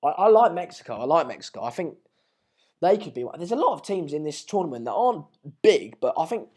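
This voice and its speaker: A young man with a slightly raised voice, a little hoarse from shouting earlier. He chats loosely through a live match watch-along, restarting sentences and calling his viewers mate and pal. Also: a little high, sing-song, fast. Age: late teens. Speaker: live stream host.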